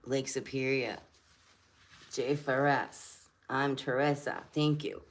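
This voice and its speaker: A woman's voice: extremely low pitch, fairly even intonation, slow. An older woman hosting a spiritual channel who talks earnestly in a rambling way and repeats her phrases. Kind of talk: casual livestream talk.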